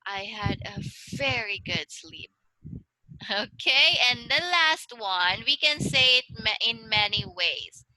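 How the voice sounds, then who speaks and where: A woman tutoring English one-on-one over a video call, speaking slowly and encouragingly and modeling intonation for her student. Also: fairly high pitch, animated, bright, forceful tone, dry recording, poor audio.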